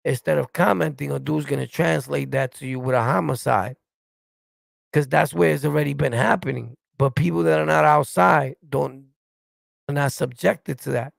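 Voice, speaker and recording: There is no echo on this fairly high, gravelly voice, which moves at a moderate pace. It belongs to a middle-aged New Yorker from New York City with a matching accent, a streamer who reacts to and answers his live chat. His rant is heated, profane, blunt, and confrontational, and he keeps repeating "you get it?"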